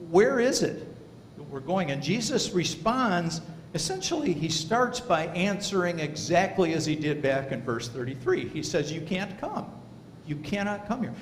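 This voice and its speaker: A man teaching a Sunday Bible class in a church, earnest and emphatic, reading scripture aloud between his points. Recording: roomy hall reverb, faint rumble.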